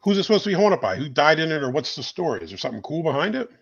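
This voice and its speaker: Gravelly fast-talking man on a call. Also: on the high side, big pitch swings, dull audio. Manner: joking, quick banter. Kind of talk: casual chat.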